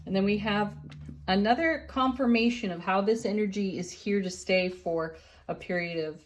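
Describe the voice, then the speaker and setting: A middle-aged woman giving a daily tarot card reading, unhurried and gentle, often laughing softly. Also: mid-range voice. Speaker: tarot reader and channel host.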